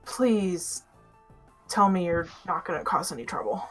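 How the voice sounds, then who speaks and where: A woman's voice: on the low side, animated, unhurried, a bit bright, faint music behind. A woman voicing a weary, exasperated woman in charge who speaks tiredly and curtly. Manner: tired, curt.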